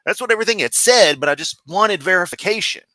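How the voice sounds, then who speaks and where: A man from Memphis with a Southern accent, riffing sarcastically and goofily on a livestream. His voice is bright and forceful, and the recording is dry and close to the mic. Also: high-pitched, animated, quick pace, no room sound. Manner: sarcastic, goofy, profane. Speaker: streamer host. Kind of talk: casual livestream commentary.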